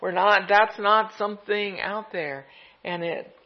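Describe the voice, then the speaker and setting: An unhurried pastor gives a gentle, reflective sermon, letting each thought settle. The recording is dull and lo-fi, with the top end muffled. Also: mid-range voice. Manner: gentle, reflective preaching with soft laughs.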